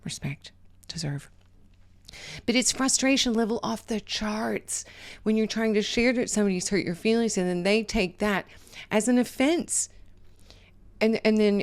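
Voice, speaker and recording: A woman's voice: medium pitch, creaky. A woman hosting a podcast, giving casual life advice, talking conversationally and checking in with "right?" at the end of her points. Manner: conversational, keeps asking "right?", sometimes drops to a whisper. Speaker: podcast host.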